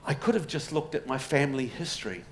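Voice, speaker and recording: A fast-talking man with a mid-range, animated voice lectures a live audience in a pub. He tells stories with wry humour and throws in rhetorical questions, and the crowd's laughter rises above faint room noise.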